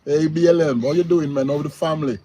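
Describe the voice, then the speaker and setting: A man's voice: on the high side, fairly even intonation, fast talker, mellow. A man with a Jamaican accent hosting a casual livestream, greeting viewers by name and laughing easily. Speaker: livestream host. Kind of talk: casual live chat reading viewer comments.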